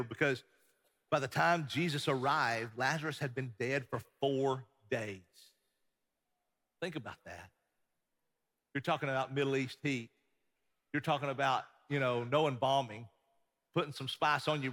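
A pastor giving a sermon, swinging between loud emphatic passages and hushed ones. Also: male voice, mid-range voice, normal speed. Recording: long hall reverb.

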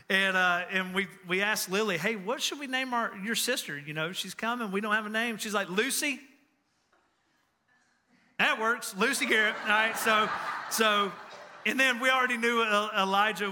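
A man's voice: high voice, sharp tone. A man preaching a sermon, earnest and personal, telling family stories and repeating key phrases for emphasis. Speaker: pastor.

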